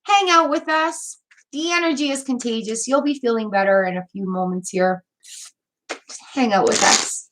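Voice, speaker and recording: A woman's voice: fairly high pitch, normal speed, fairly bright tone, a little hiss or hum. A woman giving tarot card readings on a live stream, encouraging and chatty, repeating words and using fillers as she goes. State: hiccups. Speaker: tarot reader.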